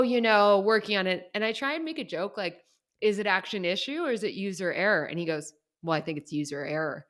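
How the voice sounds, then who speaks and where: A young adult woman co-hosting a podcast, telling a story in casual chat, quoting people and laughing often. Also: mid-range voice. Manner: animated storyteller, laughs often, quotes others. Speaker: podcast co-host.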